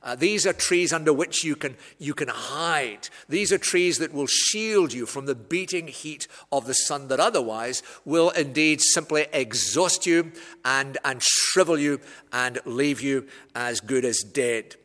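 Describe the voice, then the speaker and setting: A man preaching an expository sermon, measured and explanatory, with wry asides. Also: medium pitch, fairly bright tone. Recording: echoey hall.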